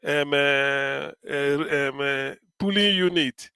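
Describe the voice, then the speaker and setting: Nigerian male commentator, high-pitched, animated, English-Pidgin mix, dry close sound. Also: slow, clean tone, no room sound. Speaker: political commentator. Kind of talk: live-stream political commentary.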